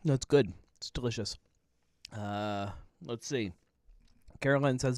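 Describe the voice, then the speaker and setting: A man's voice: mid-range voice, slow, pauses often, a little mellow, no echo, clean studio sound. A man in his thirties hosting a casual live happy-hour show from home, rambling in a laid-back way and chuckling often. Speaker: podcast host. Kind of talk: casual live-stream chat.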